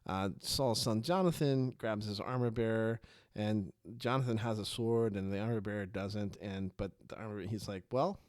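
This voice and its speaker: A man with a lowish voice hosts a casual faith podcast, telling a Bible story at a normal speed with few pauses, acting out the characters' lines as he goes. He rambles with lots of fillers and restarts and laughs at his own tangents. The recording is clean studio sound with no echo.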